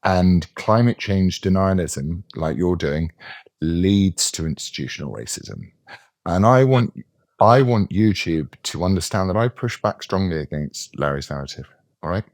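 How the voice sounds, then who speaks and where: A man's voice: expressive, a little slow, no echo, studio quality. A man putting on a sarcastic, exaggerated voice of a preachy male climate activist. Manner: sarcastic, exaggerated, high falsetto-ish lilt.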